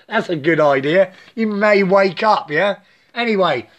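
In a high-pitched, animated voice at a measured pace, a man in his late fifties rambles about spiritual matters. He swears freely, repeats himself, and tags nearly every sentence with "yeah?".

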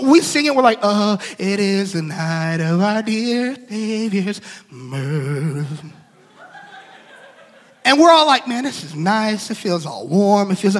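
A young man with a very high, bright voice tells a story from the pulpit, animated and quick to laugh as he acts out each person's lines. His voice rings with the long reverb of a large hall. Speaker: pastor. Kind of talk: storytelling sermon.

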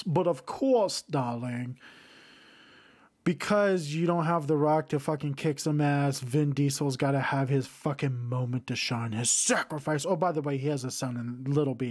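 A man's voice: medium pitch, normal speed. Profane, rambling man ranting. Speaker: podcast host reviewing films. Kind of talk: casual rant.

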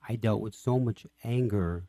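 A man with a lowish, mellow voice hosts an interview, recorded dry and close. He prompts his guest eagerly, asking questions and reacting with enthusiasm. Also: moderate pace, no echo. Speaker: radio interview host. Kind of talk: interview conversation.

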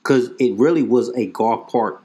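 A man co-hosting a casual chat, telling an animated, profane story. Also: mid-range voice, normal speed.

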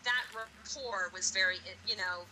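A woman's voice: medium pitch, a little slow, slight background noise, rough recording. A woman co-hosting a horror podcast, chatting casually and animatedly, swearing and mocking scenes. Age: adult, has a sister. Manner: animated, swears, mocks scenes in exaggerated quoted voices. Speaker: podcast co-host. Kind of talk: casual chat.

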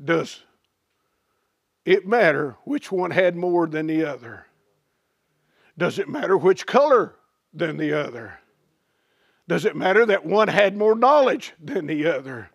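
A man preacher delivering a sermon through dramatic storytelling, drawing phrases out slowly and dropping his voice low. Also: animated, gravelly, no room sound.

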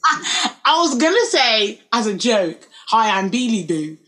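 A woman's voice: on the high side, big pitch swings, unhurried, a bit bright. A young woman co-hosting a casual chat podcast, teasing and questioning the others in a dry way. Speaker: podcast co-host.

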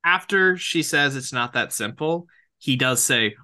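A podcast co-host with a bright, sharp-edged voice walks through TV scenes step by step. Between recaps, the co-host trades teasing back-and-forth with a sibling. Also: medium pitch, animated, a little slow. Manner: narrates scene recaps, then banters. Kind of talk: casual recap chat.

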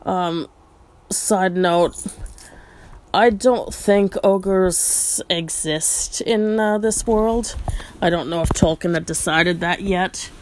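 A woman reads a story aloud at an unhurried, slow pace, her voice sitting somewhat low. She drifts into musing side comments and fills pauses with ums as she goes. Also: slight background noise. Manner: thoughtful, musing asides, frequent ums. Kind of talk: reading a book aloud with asides.

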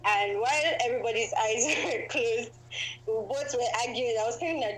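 A woman guest telling a personal story in a casual, animated way. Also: a little high, brisk, rough recording.

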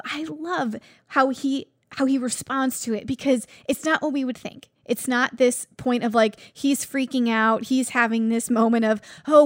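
A woman preacher giving an informal, conversational sermon, often pausing to search for words. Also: high-pitched, no echo, clean studio sound.

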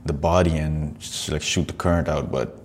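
Low-voiced man, profane, laughing. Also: steady tone, normal speed, a little hiss or hum. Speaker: podcast host. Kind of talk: casual commentary on videos.

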